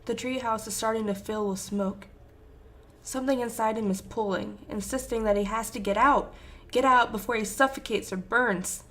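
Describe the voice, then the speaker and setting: A woman narrates a fan fiction story with a bright, crisp voice. Her reading is intense and emotive, leaning into the dark moments of the text. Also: a little high, moderate pace. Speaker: fanfiction reader.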